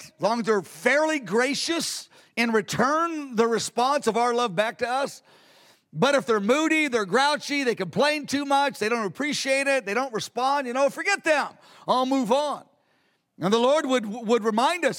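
A man with a very high voice preaches a sermon in an earnest, repeating manner, often circling back and restarting his phrases. His words ring with a long reverb from a large church hall. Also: fairly bright tone. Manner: earnest, repetitive, with frequent restarts.

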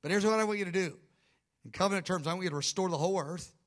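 A preacher putting on God the Father as an authoritative, reassuring male figure, high and urgent, pressing each phrase. The delivery is loud and emphatic, as if from a pulpit. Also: very fast. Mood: commanding.

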